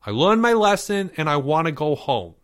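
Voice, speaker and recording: A man's voice: fairly low pitch, lively intonation, slow, fairly bright tone. A man reading a story aloud, voicing a fifth-grade boy who whines, sobs and begs. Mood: whiny pleading. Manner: whining, pleading, blubbering.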